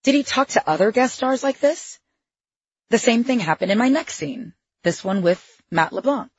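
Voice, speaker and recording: Wry, husky-voiced woman narrating her memoir. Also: fairly high pitch, expressive, moderate pace, darkish tone, dull audio. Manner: wry, sardonic asides. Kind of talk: first-person memoir narration.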